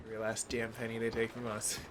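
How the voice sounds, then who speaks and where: A man's voice: medium pitch, monotone, quick pace, fairly bright tone, a little hiss or hum. Laid-back chatty male game streamer. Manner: chatty, greets viewers by name; laid-back slangy talk. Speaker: gaming live streamer. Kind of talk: casual live-stream game commentary.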